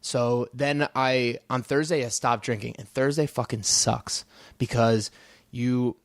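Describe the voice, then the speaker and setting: A man's voice: mid-range voice, steady tone, measured pace, no echo, clean studio sound. A young man with a North Jersey accent, a fighter chatting casually on a podcast and telling stories in loose, rambling bursts. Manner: loose, rambling storytelling with restarts. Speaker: guest, professional fighter.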